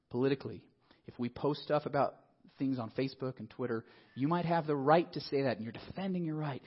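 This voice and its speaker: A man preaching a sermon in a lively, conversational way, often asking the congregation questions. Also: mid-range voice, slightly rough, muffled recording. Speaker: pastor.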